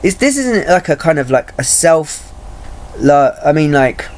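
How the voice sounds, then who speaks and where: A man talking in a personal vlog, halting and searching for words, restarting often and swearing freely. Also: on the high side, very animated, a little hiss or hum. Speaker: vlogger.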